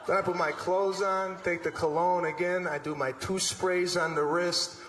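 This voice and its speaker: Exasperated high-voiced male stand-up comic. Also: normal speed. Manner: animated, exasperated storytelling with acted-out asides. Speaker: stand-up comedian. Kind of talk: stand-up routine. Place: comedy stage before a live audience. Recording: roomy venue with live audience and noise.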